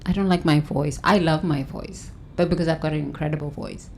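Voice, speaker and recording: A woman hosting a guided breathing session and self-help talk, counting breaths slowly and soothingly, with loud sighs. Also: deep voice, fairly even intonation, a little hiss or hum. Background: faint instrumental music.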